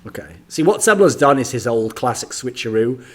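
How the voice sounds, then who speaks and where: A man's voice: medium pitch, animated, fairly quick. Bantering British man. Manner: sardonic, swearing banter with bursts of laughter. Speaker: podcast co-host. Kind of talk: casual podcast chat.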